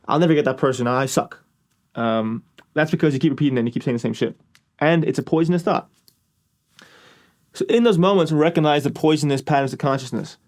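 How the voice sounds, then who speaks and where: A man's voice: medium pitch, a little mellow. A man giving a casual motivational lecture as a self-help speaker, joking and swearing bluntly as he talks.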